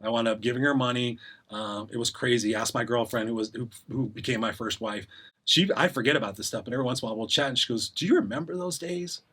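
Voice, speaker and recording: Man, middle-aged, podcast guest, rapid delivery, candid storytelling, acts out quoted voices. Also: medium pitch, fairly even intonation, bright, forceful tone, husky. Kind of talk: casual storytelling interview.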